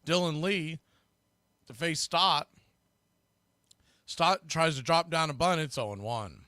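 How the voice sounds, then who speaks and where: A man hosting fan play-by-play, rambling through opinionated asides between pitches on a close mic. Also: takes it slowly, bright, forceful tone, no room sound. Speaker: host and play-by-play announcer.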